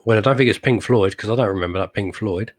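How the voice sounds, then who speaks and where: A man's voice: fairly low pitch, fast talker. A man co-hosting a casual live-stream show, chatty and enthusiastic as he rambles about old albums and cracks jokes. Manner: jokey, laughs easily. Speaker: co-host of a live music chat show.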